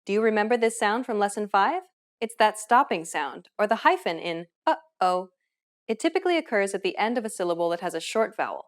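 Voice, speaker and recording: A woman teacher giving a scripted language lesson with clear, measured explanations. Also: medium pitch, expressive.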